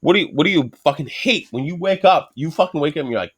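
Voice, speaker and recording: A man's voice: a little high, lively intonation, quick pace, slightly rough. A middle-aged man hosting a casual podcast, rambling animatedly and swearing constantly. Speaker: podcast host. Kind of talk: casual profane podcast banter.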